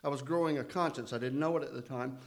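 A man of middle pitch speaks to a recovery meeting and tells his story in a loose, conversational way. He often turns to self-deprecating jokes. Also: fast talker.

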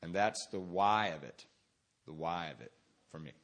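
A man's voice: deep voice, normal speed, fairly bright tone. Man giving earnest testimony at a recovery meeting, reflective and searching. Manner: reflective, questioning himself. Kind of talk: personal testimony.

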